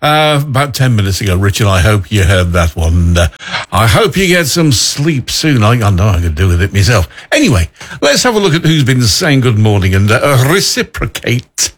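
Husky, lively radio host. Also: male voice, on the low side, brisk. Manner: rambling, self-deprecating asides. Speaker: local radio morning host. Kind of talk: casual radio chat.

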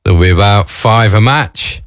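A man's voice: on the low side, normal speed, smooth, no echo, clean studio sound. A man talking casually to camera in a chatty, wry way, full of asides. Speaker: vlogger. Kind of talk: casual morning chat.

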